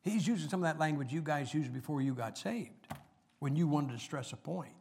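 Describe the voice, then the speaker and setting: A man's voice: fairly high pitch, animated, a little fast, vocal fry, darkish tone, breathy edge. A middle-aged man preaching a sermon, chatting with the congregation and reading scripture aloud with rising emphasis.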